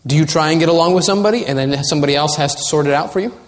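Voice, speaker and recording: A man's voice: a little high, rapid-fire. A man preaching a sermon as pastor, earnest and building to urgent warnings. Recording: long hall reverb.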